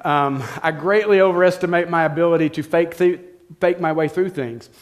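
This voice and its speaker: Here a middle-aged male pastor speaks at an ordinary pace in a slightly high voice. His sermon takes the form of a personal story, delivered conversationally and aimed straight at the congregation.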